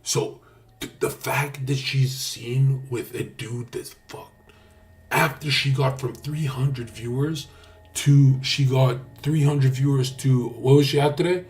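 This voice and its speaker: A man's voice: medium pitch, fairly even intonation, slow, a little mellow. A man talking casually on a livestream, brash, boastful and profane. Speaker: streamer.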